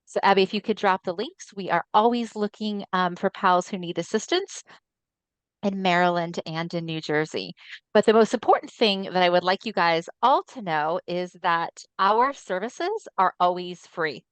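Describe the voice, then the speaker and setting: A woman's voice: fairly low pitch, normal speed, fairly bright tone, no echo. A woman presenting an educational webinar in a friendly, explanatory way with frequent ums, recorded on a video call microphone. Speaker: webinar presenter for an ALS voice nonprofit.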